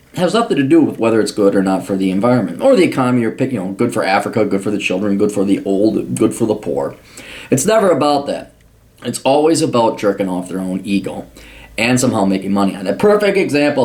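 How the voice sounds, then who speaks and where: A man's voice: fairly low pitch, a little mellow. A man giving an angry, blunt, profane monologue answering a viewer's question, with frequent restarts. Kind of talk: ranting commentary monologue.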